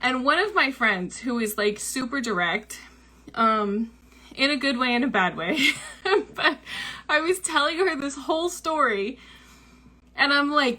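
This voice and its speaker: A young woman with a bright, crisp tone and a slightly high voice talks her way through a personal story. She hosts a book club show and keeps it loose and chatty, full of likes and ums. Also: animated, a little slow.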